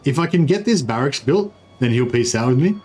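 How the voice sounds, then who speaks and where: A man's voice: mid-range voice, animated, a little fast, darkish tone. A man streaming a strategy game, thinking aloud in hesitant, casual commentary and swearing now and then. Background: faint game music.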